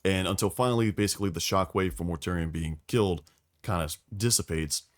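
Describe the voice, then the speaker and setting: A man hosting a casual podcast, telling lore in a profane, animated storytelling way. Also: sits low, brisk. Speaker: podcast host explaining lore.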